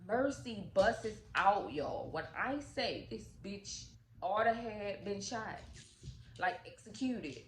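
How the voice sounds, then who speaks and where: Animated woman retelling a movie, roomy. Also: medium pitch, slow pace. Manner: animated, profane, acts out quotes. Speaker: storytime vlogger. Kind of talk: casual movie recap storytelling. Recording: echoey room with faint noise.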